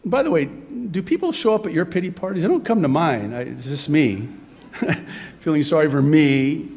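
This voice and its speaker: Animated preacher with sweeping pitch. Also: male voice, unhurried, long pauses, in a large hall. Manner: animated, with dramatic drops to a whisper. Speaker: pastor. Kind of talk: sermon.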